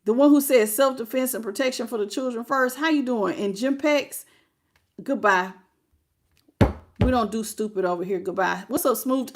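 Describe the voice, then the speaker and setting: A woman's voice: a little high, animated, moderate pace, fairly bright tone. A woman hosting a live tarot reading, preaching about God and greeting viewers by name.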